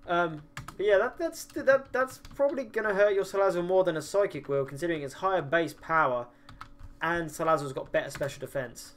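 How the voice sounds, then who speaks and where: A man's voice: fairly high pitch, a little fast, a bit bright, slight background noise. A tired man with a medium voice, chatting casually on a gaming livestream, answering chat, swearing, with many ums and restarts. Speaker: streamer.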